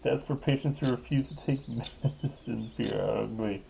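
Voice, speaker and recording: A man voicing a sly, teasing female camp nurse in a visual novel, with a slow, quiet, deadpan delivery. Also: mid-range voice, creaky, a little hiss or hum, poor audio. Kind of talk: reading a visual novel aloud.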